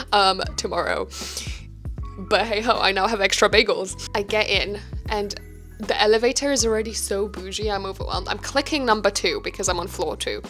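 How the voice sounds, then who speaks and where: A woman's voice: medium pitch, fairly bright tone. A young woman telling a casual vlog story, chatty and self-mocking, swearing freely. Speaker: vlogger. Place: hotel room.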